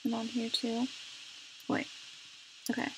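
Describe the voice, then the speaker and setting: A young woman with a fairly high, gravelly voice talks at an unhurried pace. She chats casually over her gameplay, exasperated and scolding as she goes. A faint hiss sits under the recording. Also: completely flat delivery. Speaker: gaming YouTuber.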